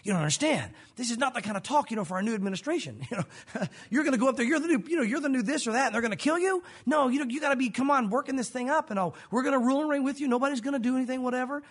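A man's voice: very high voice, expressive, racing, breathy edge, pitched above the performer's own voice, full character voice. A man voicing an agitated male disciple who protests to his master and insists on his plans. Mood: pleading protest. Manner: pleading, insistent.

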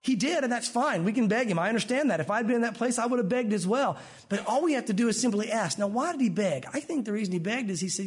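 High-voiced husky male preacher. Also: fast talker. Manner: animated preaching, acts out voices of Bible figures. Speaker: pastor. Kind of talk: sermon.

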